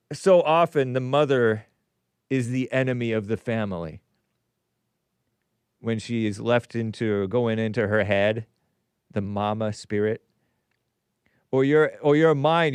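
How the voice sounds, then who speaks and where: Male stream host, unhurried, clear and resonant, dry close sound, chuckling opinionated asides over viewer comments. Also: on the high side, dry recording. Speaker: show host. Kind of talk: casual livestream commentary, reading viewer comments aloud.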